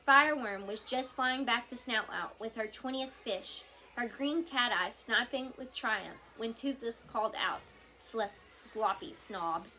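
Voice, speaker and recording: A woman reading a children's novel aloud to a class, with expressive storytelling. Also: fairly high pitch, unhurried, hardly any pauses.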